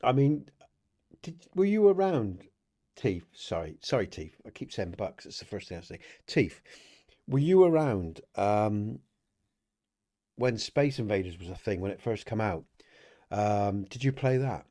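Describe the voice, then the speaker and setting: A man's voice: on the low side, sing-song, measured pace, warm tone. A middle-aged man hosting a casual livestream podcast, rambling and chatty, laughing often and talking to viewers in the chat. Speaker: podcast host.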